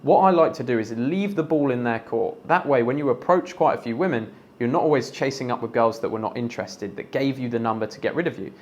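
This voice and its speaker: A man's voice: mid-range voice, expressive, quick pace, few pauses. A young man giving blunt, profane dating advice in a direct, conversational monologue. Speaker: dating coach.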